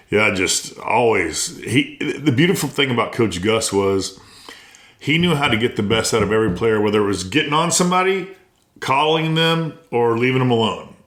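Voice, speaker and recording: A middle-aged American man, a former college baseball player, telling animated stories in a casual interview and acting out what others said. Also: fairly low pitch, moderate pace, reverberant. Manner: animated storyteller, acts out quotes, laughs often.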